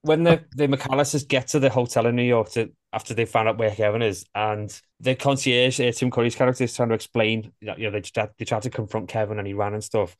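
A man chatting casually as a podcast host and telling film stories with plenty of energy. His voice has a middling pitch and sounds close and dry, with no room in it. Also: quick pace, few pauses, dry recording. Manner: animated storyteller, acts out quoted lines.

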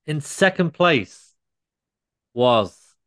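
A man's voice: a little high, expressive, drawn-out words, a bit bright, dry recording. A man co-hosting a casual podcast chat, often laughing as he tells stories. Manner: laughing while recounting a story. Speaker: podcast co-host.

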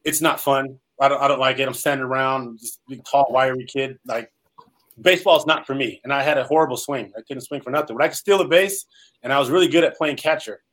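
A man's voice: mid-range voice, quick pace, fairly bright tone, rough recording. A man from California, a former pro football player, telling his life story in an interview, earnest and rambling with many fillers. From Salinas, California.

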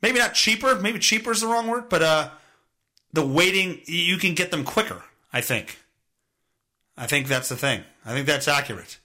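Speaking at normal speed in a slightly high, animated voice with a sharp tone, a man hosts a podcast. His comedic monologue is rambling, sarcastic and profane.

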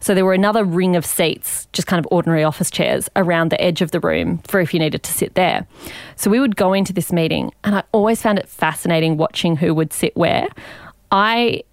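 An Australian woman in her thirties, a podcast guest explaining her points with lively examples. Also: on the low side, a little fast, gravelly, no echo, clean studio sound. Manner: articulate, animated explaining with examples. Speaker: guest author and commentator. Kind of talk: podcast interview.

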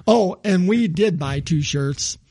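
An older man chats casually on a podcast, laughing often and pausing to clear his throat. His voice sits high for a man. The sound is dry and close, with no room around it. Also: lively intonation, dark tone, no room sound. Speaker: podcast co-host. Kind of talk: casual chat.

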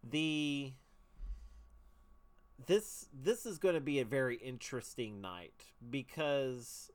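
Excitable rambling male podcast host. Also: medium pitch. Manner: enthusiastic, rambling, slangy. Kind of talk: casual podcast chat.

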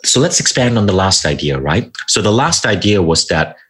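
A man who is a guest on an interview show, telling motivational stories about his life in an animated, emphatic way. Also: deep voice, moderate pace. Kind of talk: motivational storytelling.

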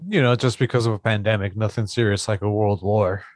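A man's voice: fairly low pitch, steady tone, a little fast, a little mellow, dry recording. Wry joking man, dry close sound. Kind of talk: casual chat.

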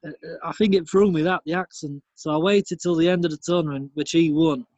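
A man's voice: a little high, fairly even intonation, fairly quick, a little mellow, dry recording, muffled recording, natural voice. A man voicing a chatty northern English pub regular who rambles through bad jokes on a taped message. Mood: jovial. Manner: rambling, pun-telling, beery banter.

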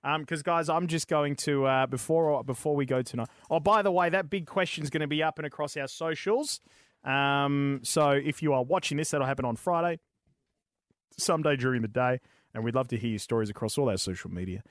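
A man's voice: a little high, a little fast, no room sound. An Australian man hosting a gaming stream in a rambling, upbeat, casually swearing manner. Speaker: host of a gaming show stream. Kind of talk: casual live-stream chat and giveaway hosting.

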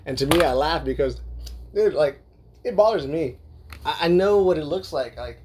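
A man's voice: on the high side, animated, moderate pace, background noise. A man from Southern California hosting a podcast, chatting loosely and profanely with lots of fillers and laughter as he goes through listener emails. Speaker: podcast host. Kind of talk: casual podcast chat reading listener emails.

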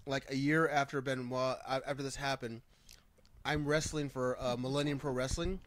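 A man's voice: medium pitch, fairly even intonation, normal speed, slight background noise. A man in a casual group chat, skeptical and questioning, thinking his points through aloud. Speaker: podcast co-host and former wrestler.

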